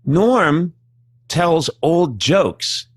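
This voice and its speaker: Talk show host guy telling a story, super lively pitch, does little voices, dry close sound. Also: extremely slow, husky, no echo. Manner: lively, acts out voices while telling anecdotes. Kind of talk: casual anecdote.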